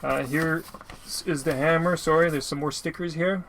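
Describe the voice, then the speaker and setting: A YouTuber from Canada goes through the mail he got, rambling, apologizing frequently, and using plenty of filler. His fairly high voice is a bit bright and steady in tone at a normal speed, with slight background noise.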